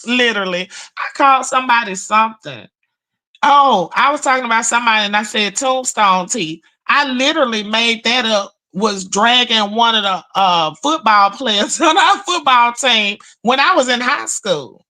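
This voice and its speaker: A woman with a slightly high voice and moderate pace hosts a casual livestream. She tells animated stories, cusses freely, and shouts out viewers in chat.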